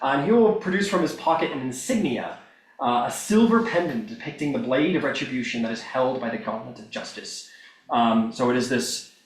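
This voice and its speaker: A man's voice: mid-range voice, reverberant, distant mic. A man narrating a tabletop game as game master, in a loose, filler-heavy way.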